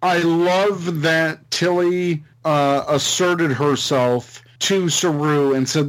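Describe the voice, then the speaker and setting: A man's voice: a little high, steady tone, slow, few pauses, poor audio. A man in casual podcast chat, upbeat and analytical. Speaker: podcast co-host.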